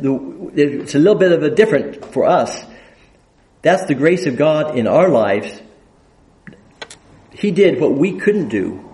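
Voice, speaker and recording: Slow, lively-voiced male Bible teacher. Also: medium pitch, poor audio. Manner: halting, with frequent fillers and restarts; reads scripture aloud with rising emphasis.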